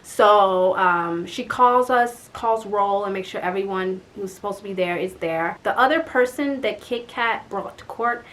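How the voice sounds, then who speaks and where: A young woman vlogger telling a story in casual chat, animated and exasperated, with lots of "like" and mild swearing. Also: mid-range voice, measured pace, hardly any pauses.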